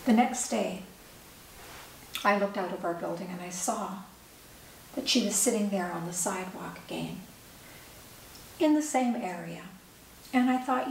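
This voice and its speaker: A woman's voice: mid-range voice, creaky. Earnest middle-aged woman telling a story. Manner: earnest, measured, with pauses. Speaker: author and speaker. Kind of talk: personal storytelling talk. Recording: echoey room, distant mic, faint hiss.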